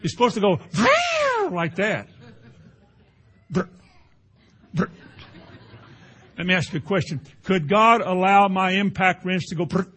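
A man's voice: high-pitched, brisk, hardly any pauses. A man preaching a conversational sermon, telling homely stories with playful sound effects. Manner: folksy, animated storytelling with sound effects. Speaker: pastor.

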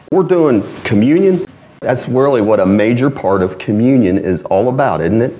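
A man with a northern US accent preaching a sermon. His voice sits at a middle pitch, and he talks in a folksy, conversational way, dropping in asides to the congregation. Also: mellow.

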